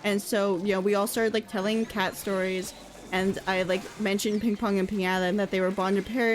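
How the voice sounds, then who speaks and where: A woman's voice: medium pitch, normal speed, darkish tone. A woman playing along on a stream, chatting casually and telling stories. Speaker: co-player on stream. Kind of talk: casual chat while gaming.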